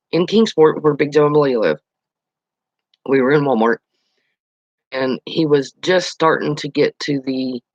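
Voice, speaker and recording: A man's voice: a little high, no echo, muffled recording. A man hosting his own channel, chatting casually on a live stream, telling stories and answering viewer comments. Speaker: channel host.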